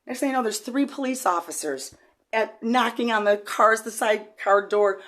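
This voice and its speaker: A middle-aged woman telling an emotional personal story, rambling and halting with many repeated words, swinging from quiet to loud. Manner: shifts from low and quiet to loud and high when agitated. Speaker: vlogger.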